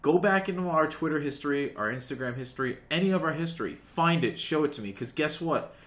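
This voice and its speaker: A man's voice: on the high side, animated, fast talker, a bit bright. A young man co-hosting a podcast in casual chat, blunt and teasing, swearing often. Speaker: podcast co-host.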